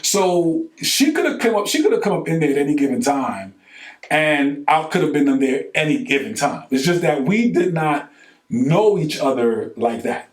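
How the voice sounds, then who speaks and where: Animated New man telling a story. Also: a little high, moderate pace, echoey room. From New York. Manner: animated, acts out quoted dialogue with colloquial slang. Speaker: podcast co-host. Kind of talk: casual storytelling chat.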